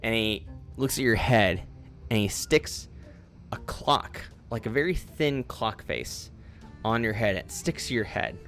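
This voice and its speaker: A man's voice: lowish voice, expressive, measured pace, fairly bright tone, soft background music. A man narrating a tabletop game as game master, loose and rambling.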